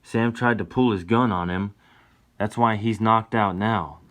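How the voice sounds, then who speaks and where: A man's voice: fairly low pitch, fairly even intonation, a little slow, a bit bright. A man voicing a young pregnant frontier woman who speaks up earnestly with a raised voice. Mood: urgent.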